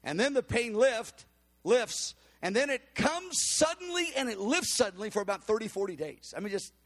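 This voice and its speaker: A man telling a personal testimony in an animated storytelling manner, acting out the quotes with cries and laughs. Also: extremely high pitch, normal speed.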